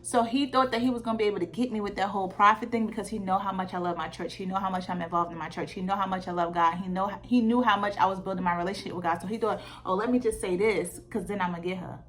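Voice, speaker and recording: Bright-voiced woman telling a story. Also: medium pitch, very fast, few pauses. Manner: animated, candid, lots of fillers. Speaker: vlogger. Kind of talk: casual storytime vlog. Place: Georgia.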